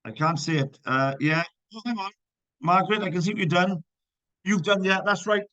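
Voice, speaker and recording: Male physics teacher, fairly high voice, encouraging, explains step by step, dry close sound. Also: normal speed, pushed and bright, no echo, rough recording. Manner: encouraging, checks student work aloud, explains step by step. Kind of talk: live online class teaching.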